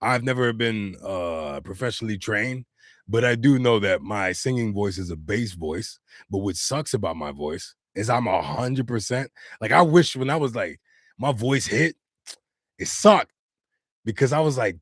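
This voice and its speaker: A man's voice: on the low side, lively intonation, a little slow, no room sound, studio quality. A man live-streaming, talking earnestly and casually to his chat in slangy speech. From United States.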